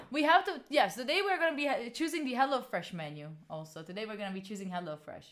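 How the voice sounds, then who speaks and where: A woman's voice: on the high side, fast, hardly any pauses. A young woman in her twenties from Italy, speaking English with an Italian accent, chatting frankly with viewers on a live stream and swearing freely. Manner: animated, frank, swears freely, reads and answers chat. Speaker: livestreamer.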